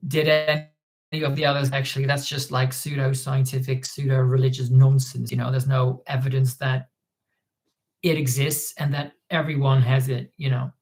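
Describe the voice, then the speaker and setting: A woman's voice: very deep voice, level tone, normal speed, darkish tone. Rambling woman chatting on a livestream. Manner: rambling, hesitant, many ums and restarts, reading out chat comments. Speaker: livestream host. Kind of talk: casual livestream chat.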